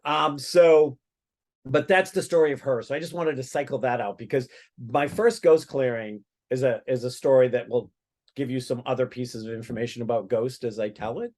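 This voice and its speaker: A man's voice: mid-range voice, steady tone, normal speed, a little mellow. Podcast guest, man, chatty storyteller, trips over his words. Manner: rambling, many restarts and fillers. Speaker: guest psychic medium. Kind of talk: casual storytelling.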